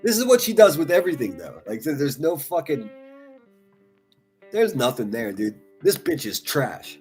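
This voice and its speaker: A man's voice: fairly high pitch, big pitch swings, normal speed, darkish tone, faint music behind. A man giving profane, taunting live-stream commentary, laughing often as he mocks. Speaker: livestream commentator.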